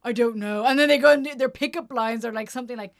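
A woman in a relaxed conversation retells film scenes with lots of laughter and quick put-on voices. Her voice sits a little high, and the sound is dry with no room echo. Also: gravelly. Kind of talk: casual chat.

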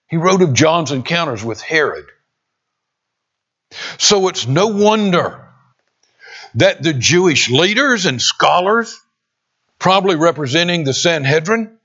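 A man preaching a sermon, expressive, with dramatic pauses and emphatic quoted lines. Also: high-pitched. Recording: dull lo-fi sound.

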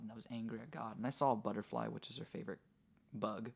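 A man's voice: on the low side, fast talker, creaky, slightly rough. A man hosting a podcast, telling a personal story in an earnest, reflective way. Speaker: podcast host. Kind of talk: conversational storytelling.

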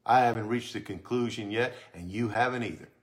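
Pastor guy preaching hard on a church mic, gets fired up then goes soft and close. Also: on the low side, a little fast. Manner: fervent, rising to excited shouts then dropping to soft, intimate tones. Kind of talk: sermon. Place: church sanctuary.

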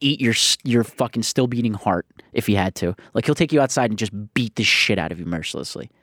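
A man co-hosting a casual radio after-show, excitable and swearing freely as he ribs his co-host. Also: fairly low pitch, fast, no room sound, studio quality. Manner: excitable, profane, laughing. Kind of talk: casual studio banter. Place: radio studio.

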